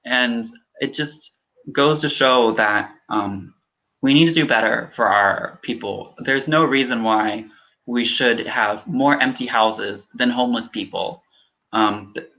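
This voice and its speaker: Young man, earnest, halting, many ums, bright tone, muffled lo-fi audio. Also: medium pitch. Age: young adult. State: choked up. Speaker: political candidate. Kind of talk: interview.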